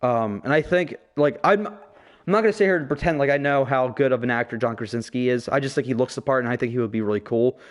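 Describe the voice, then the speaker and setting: A man's voice: medium pitch, fast talker. A man hosting a casual podcast, ranting profanely and with strong opinions. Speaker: podcast host.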